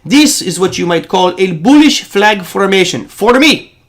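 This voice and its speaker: A man's voice: high-pitched, animated, unhurried, a bit bright, full character voice. A man imitating an earnest male trading instructor with an Egyptian accent, drawing out his phrases with emphasis. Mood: enthusiastic.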